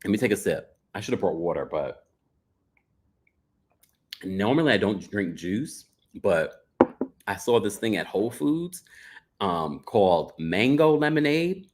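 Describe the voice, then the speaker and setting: Animated man hosting a reality recap. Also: on the low side, unhurried, pauses often. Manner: animated, dramatic impressions of cast members. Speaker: recap show host. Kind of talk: casual recap chat reading super chats.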